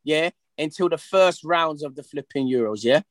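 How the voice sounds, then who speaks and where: A man's voice: fairly high pitch, normal speed, no echo. Man, brash slangy banter, podcast host, dry close sound. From England. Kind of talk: casual football podcast chat.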